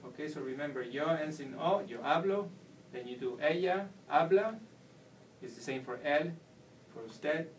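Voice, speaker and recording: A man's voice: a little high, normal speed. A man giving a whiteboard lesson as a Spanish teacher, explaining patiently step by step. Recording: distant mic with faint room noise.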